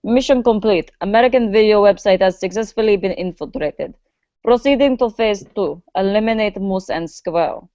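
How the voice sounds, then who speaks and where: A woman's voice: mid-range voice, normal speed, warm tone, dry recording, muffled recording, lightly acted. A woman voicing a cold female spy agent in a fake Russian accent. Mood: deadpan.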